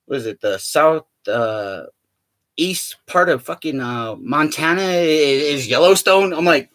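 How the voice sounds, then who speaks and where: Young male vlogger, somewhat high voice, rambling profane humor, lots of fillers. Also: moderate pace, pushed and bright, no echo. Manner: profane, joking, laughs often, many fillers. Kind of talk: rambling casual monologue to camera.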